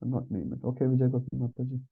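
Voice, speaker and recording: A man's voice: medium pitch, fairly even intonation, very fast, creaky, husky. Man teaching over tinny call audio. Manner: conversational, frequent tag questions. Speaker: scripture class teacher. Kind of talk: online scripture class. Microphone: video call.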